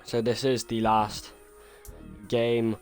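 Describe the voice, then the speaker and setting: A man streaming a football video game, doing his own match commentary that swings from quiet musing to shouted goal calls. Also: medium pitch, completely flat delivery, takes it slowly, clear, resonant tone, faint music behind. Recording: noisy background ambience.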